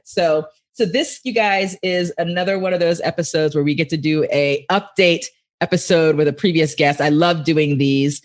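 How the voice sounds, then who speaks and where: A woman hosting a faith-based business podcast, upbeat and quick, laughing easily. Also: fairly low pitch. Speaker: podcast host. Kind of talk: podcast interview chat.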